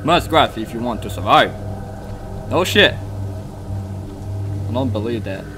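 A young man giving casual let's play commentary, yelling and cursing at the game between goofy asides. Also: fairly low pitch, takes it slowly. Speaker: gamer playing on video. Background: game music.

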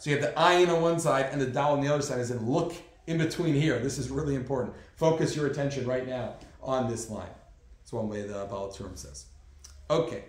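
A man giving a conversational class as a rabbi, with many fillers and asides. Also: mid-range voice. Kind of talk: classroom lecture. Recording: very echoey room.

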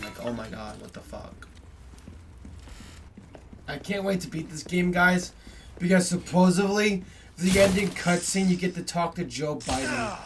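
A young man giving profane commentary over a game, swearing constantly and yelling when startled. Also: medium pitch. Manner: swears constantly, yells when startled, rambling asides to viewers. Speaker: gameplay streamer. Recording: distant mic with clear background noise.

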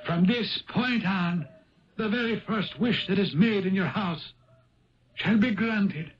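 An actor playing an ancient male Viking spirit turned Irish, who talks gravely in measured riddles for a 1970s radio drama. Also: high-pitched. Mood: solemn. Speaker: Old Man of the Rock. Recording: dull lo-fi 1970s radio broadcast.

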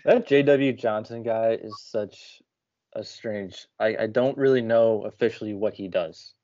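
Young male co-host, lowish voice, wry and blunt, muffled dry recording. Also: a little slow, dark tone, no room sound. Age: young adult. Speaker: podcast co-host. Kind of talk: casual sports chat.

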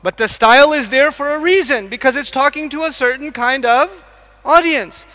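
A man from the United States, probably middle-aged, giving an animated religious lecture to a live audience, asking it questions and quickly reciting Arabic verses. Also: very high-pitched. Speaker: Islamic lecturer. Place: large lecture hall. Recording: long hall reverb.

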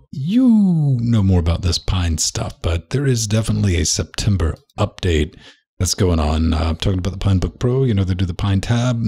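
A man's voice: on the low side, creaky, darkish tone, breathy edge. A man co-hosting a casual tech podcast, rambling and repeating himself, often tossing in "man". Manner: rambling, repeats words, says "man" a lot. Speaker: podcast co-host.

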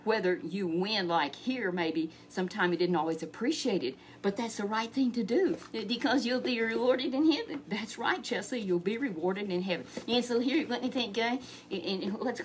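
A woman's voice: medium pitch, slight background noise. A woman telling a Bible story to a child in a chatty way, repeating words and asking questions.

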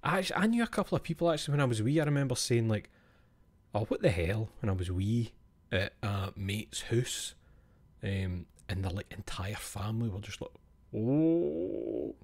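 In a casual stream with live chat, a man from Scotland talks to his viewers in a brisk, expressive voice on the low side. He doesn't mince words, swears freely, and chuckles on the side.

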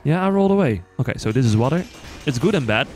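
A man with a non-native accent chatting casually to viewers while playing, quick to excited outbursts and joking at himself. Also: mid-range voice, soft background music. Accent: non-native English accent. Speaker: gaming channel host. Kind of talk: casual let's-play commentary.

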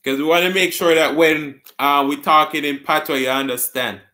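Jamaican guy hosting a live chat, reads out comments and laughs a lot, bright voice. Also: a little high, fairly even intonation, normal speed. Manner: reads viewer comments aloud and answers them, laughs often. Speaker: live-stream host. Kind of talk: casual live-stream chat.

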